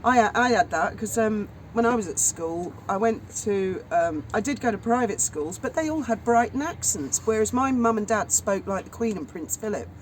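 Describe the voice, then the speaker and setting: A woman's voice: mid-range voice, expressive, moderate pace, few pauses, rough recording. Woman, co-host, chatty storyteller, casual outdoor chat, faint noise behind. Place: outdoors at sunset.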